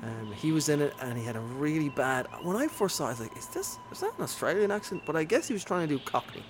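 A man's voice: fairly high pitch, animated, quick pace, noisy background. A man co-hosting a casual movie chat, enthusiastic and rambling, with many ums and uhs. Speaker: podcast co-host.

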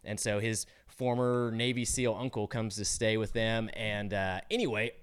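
A man, a youth sports coach, answering parents' questions in a relaxed, casual way and often checking in with "you know" and "right?". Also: fairly low pitch, moderate pace, clear, resonant tone. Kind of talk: casual advice talk.

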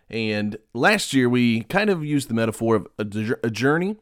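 A man hosting his Bible podcast, talking in a relaxed, rambling way with many ums and self-deprecating asides. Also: mid-range voice, dry recording, clean studio sound. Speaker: podcast host and pastor. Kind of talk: casual devotional podcast talk.

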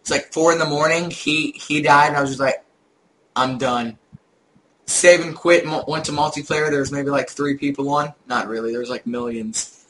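A young man co-hosting a podcast, chatting casually about video games and telling animated stories with frequent laughs. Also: a little high, fairly quick, slight background noise, low-quality recording. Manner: animated storyteller, laughs often. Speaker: podcast co-host. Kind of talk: casual gaming chat.

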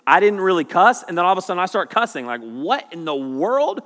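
A middle-aged man preaching and telling jokes as a youth pastor, full of animated stories. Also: high voice, fairly quick. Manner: animated, joking storyteller. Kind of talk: sermon. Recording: long hall reverb.

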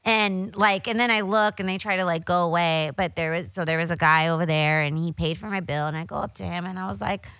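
A woman with a bright, clear voice spins a profane, animated story in a relaxed chat-show style. She slips into quoted voices as she goes, and the sound is dry and close, with no room around it. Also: lowish voice, a little fast, few pauses, no echo, low-quality recording. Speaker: podcast host.

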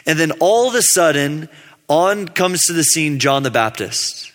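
Relaxed, slangy male preacher with a bright tone, acting out the quotes, heard in a reverberant hall. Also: on the high side, measured pace. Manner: laid-back, slangy, acts out quotes. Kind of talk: casual youth sermon.

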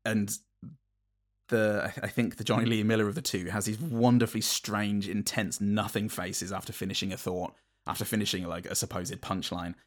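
A man co-hosting a podcast, talking through favourite film moments in a halting way with many restarts and a dry sense of humour. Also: lowish voice, level tone. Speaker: podcast co-host. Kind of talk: casual film review chat.

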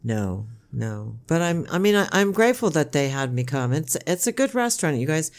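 An older woman, a podcast co-host, chatting casually with her son in a rambling, halting way with many restarts. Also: low voice, sing-song. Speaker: podcast co-host, mother of the other host. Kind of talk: casual chat.

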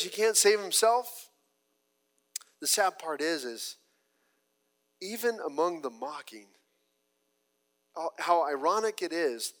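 Bright-voiced male pastor preaching earnestly. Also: fairly high pitch. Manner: earnest, with frequent restarts and apologies for losing his place; voice rises loud when mocking, drops very soft when reflecting. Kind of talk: sermon.

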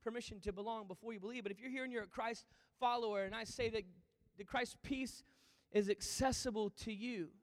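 A man preaching a sermon as pastor, moving between loud emphatic lines and hushed, almost whispered ones. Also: sits high, steady tone, brisk. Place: church auditorium. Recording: long reverb of a large hall.

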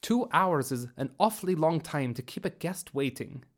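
A man voicing a calm, polite male alien prisoner who speaks softly and formally. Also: on the high side, close to an everyday voice. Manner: soft-spoken, formal, measured.

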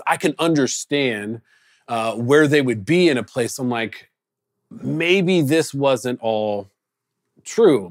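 A man's voice: medium pitch, no echo, clean studio sound. A male pastor giving a conversational sermon, telling stories and acting out quotes. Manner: conversational, animated storytelling with acted quotes. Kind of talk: casual sermon. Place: recorded away from the congregation during lockdown.

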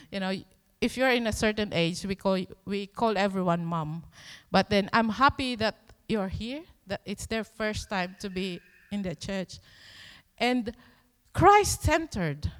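A woman's voice: medium pitch, smooth, in a large hall. A woman preaching a sermon in a church, earnest and emphatic, often posing rhetorical questions.

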